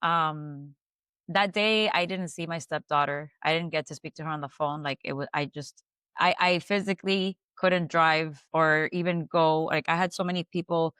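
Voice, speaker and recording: Low-voiced woman telling a painful story. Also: steady tone, smooth, dry recording. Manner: halting, with restarts and soft fillers. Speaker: guest. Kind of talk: emotional personal storytelling.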